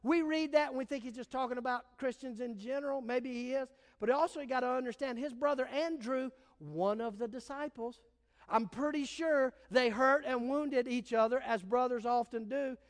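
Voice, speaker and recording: High-voiced preaching man in a hall. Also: moderate pace. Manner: emphatic, repeats key points, storytelling. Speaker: pastor. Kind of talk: sermon. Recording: long hall reverb.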